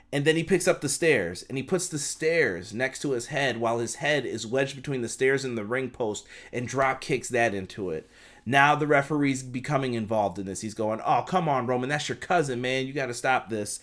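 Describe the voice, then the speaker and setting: Young man, casual wrestling review, excited, slangy, middle pitch. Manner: excited, slangy, acts out quotes in quick asides. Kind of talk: casual fan review recap.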